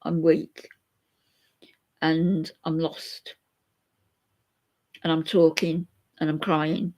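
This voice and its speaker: A woman's voice: low-pitched, little pitch movement, extremely slow, darkish tone. An older woman, chatting openly to viewers in a rambling way and reading out their comments. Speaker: vlogger chatting to live viewers. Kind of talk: emotional live chat.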